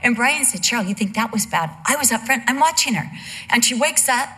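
Bright-voiced chatty woman teaching. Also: on the high side, lively intonation, brisk. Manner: chatty, candid and humorous, with asides. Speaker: women's Bible teacher. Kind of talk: conversational teaching message.

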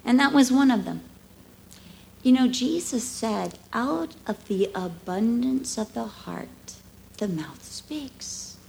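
A woman in her fifties giving a conversational sermon at church, telling emotional stories with lively swings from hushed to animated. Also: a little high, slow, gravelly, a little hiss or hum, low-quality recording. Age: 50s. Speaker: speaker at a church.

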